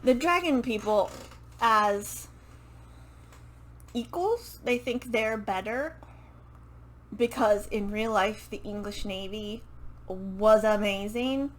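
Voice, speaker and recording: A woman's voice: on the high side, poor audio. A woman chatting casually to camera about a book series into a microphone, rambling with self-correcting asides and casual swearing. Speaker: book vlogger. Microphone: microphone she turns to face.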